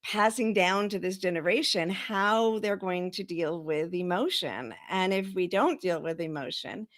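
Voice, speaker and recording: A woman's voice: fairly low pitch, a little slow. A woman hosting a casual talk show, speaking reflectively and laughing often, over a video call. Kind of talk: casual chat.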